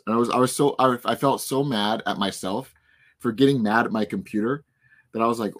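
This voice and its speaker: A man in his twenties with a hoarse voice, hosting a podcast in casual chat and telling stories in an animated way. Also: mid-range voice, brisk. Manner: animated storytelling, frustrated rants. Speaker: podcast host.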